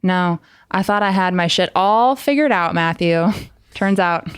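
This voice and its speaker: A woman's voice: lowish voice, a little slow, smooth, no echo. Woman podcast guest, laughs a lot, chatty, dry close studio mic. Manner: laughs often, animated storytelling. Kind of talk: casual interview chat. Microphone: studio headphones and mic.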